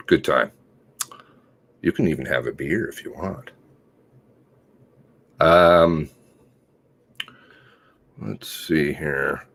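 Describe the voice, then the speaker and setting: On a laid-back livestream, a male host goes through articles with sarcastic, mocking commentary, sometimes bursting out loudly and sometimes muttering under his breath.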